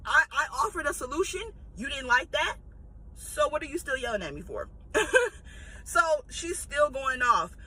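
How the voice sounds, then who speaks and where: A woman telling a story in a casual, blunt and animated way, laughing and swearing as she goes. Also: sits high, normal speed, poor audio.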